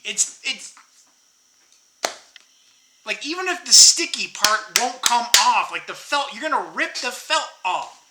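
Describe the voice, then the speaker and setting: A man's voice: very high-pitched, animated, measured pace, pauses often, pushed and bright, slight background noise. An American man rambling in a casual monologue, laughing often and tagging his sentences with "right?" and "dude.". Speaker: vlogger. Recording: echoey room.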